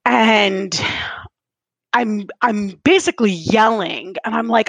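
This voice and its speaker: A woman's voice: medium pitch, takes it slowly, gravelly, no room sound. A woman co-hosting a podcast in casual chat, telling stories candidly and rambling, with laughs and moments where she is close to tears. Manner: emotional, close to tears when recounting. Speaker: podcast co-host.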